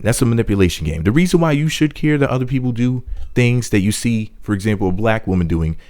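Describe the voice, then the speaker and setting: A man with a fairly low voice reads a news item aloud, then keeps cutting in with crude jokes and heated asides. His delivery is blunt and sarcastic, swinging between mocking wisecracks and angry lectures. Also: darkish tone. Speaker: video commentator. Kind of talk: reading a news story aloud and interrupting it with commentary.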